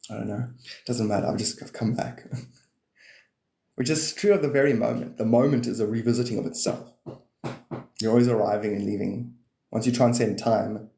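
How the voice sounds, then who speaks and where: A man's voice: medium pitch, warm tone, roomy sound. A man rambling through casual livestream chat about spirituality, swearing freely and laughing often.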